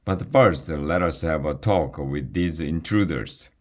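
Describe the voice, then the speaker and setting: A man's voice: rumbling low, takes it slowly, a little mellow. A man voicing a prim, bossy female dragon who barks clipped, haughty commands at her prisoners in a storybook reading. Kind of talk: audiobook reading.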